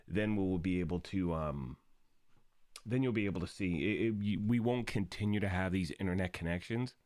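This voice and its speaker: A man hosting a gaming live stream in upbeat, casual chat, his voice raspy from the early morning. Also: sits low, normal speed, darkish tone, dry recording, clean studio sound. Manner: upbeat and chatty, greeting viewers.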